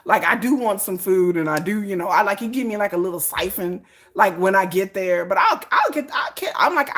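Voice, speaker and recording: A woman's voice: medium pitch, lively intonation, brisk, fairly bright tone. A woman chatting casually as a vlogger, laughing often and acting out little scenes in playful voices. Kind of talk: casual chat.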